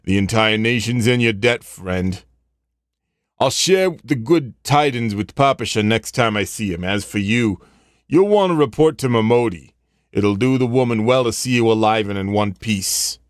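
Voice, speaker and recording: An actor playing a friendly, formal town official in a game, speaking in a measured way. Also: male voice, on the low side, animated, dry recording, clean studio sound, lightly acted. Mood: warm.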